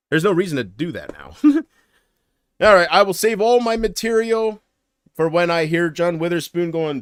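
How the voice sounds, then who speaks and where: A man chats on his home livestream in a loose, rambling way, cracking jokes and laughing at them. His voice sits at an ordinary pitch. The sound is dry and close, from a desk mic in a small room. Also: dry recording. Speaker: livestream host. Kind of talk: casual livestream chat.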